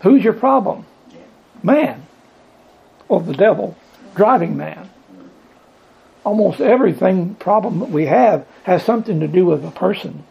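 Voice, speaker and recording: A man's voice: high-pitched, lively intonation, unhurried, gravelly, long pauses, husky, muffled recording. A man teaching from the Bible to a small group, reading scripture aloud, asking questions and building emphasis on repeated lines. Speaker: preacher.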